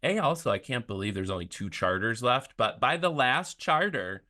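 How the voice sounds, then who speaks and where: A man's voice: medium pitch, animated, normal speed, pushed and bright. A man chatting casually as a podcast guest, rambling with many "like" fillers. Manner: rambling, filler-heavy talk with lots of "like".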